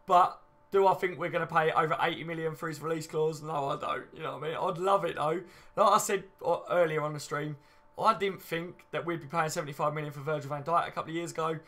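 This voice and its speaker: A man's voice: fairly high pitch, fairly even intonation, quick pace, bright, forceful tone. A man hosting a casual live stream, chatting and reading out viewer comments with easy banter. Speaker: fan channel host.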